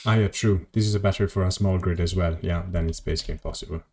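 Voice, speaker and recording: A man's voice: low voice, fairly even intonation, very fast, a little mellow. A man streaming a game from his home office, chatting casually and rambling as he plays, correcting himself and answering chat. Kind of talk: casual gameplay commentary.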